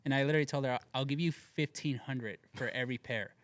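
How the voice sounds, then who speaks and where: A man's voice: medium pitch, quick pace, no echo. A man telling street stories in casual chat, acting out quotes with lots of slang and swearing. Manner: animated, acts out quotes, heavy slang and swearing. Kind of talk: casual storytelling. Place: studio.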